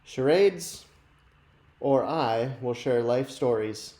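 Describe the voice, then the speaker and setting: Speaking slowly in a dark, mid-range voice, this man runs a live youth ministry stream. He talks directly to his viewers in a loose, self-deprecating way, and the room echoes noticeably.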